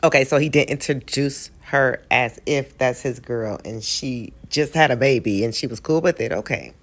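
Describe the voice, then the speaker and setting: Low-voiced woman reacting to a story. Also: normal speed. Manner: expressive, exclaiming, chatty. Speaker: reaction host. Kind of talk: casual reaction commentary.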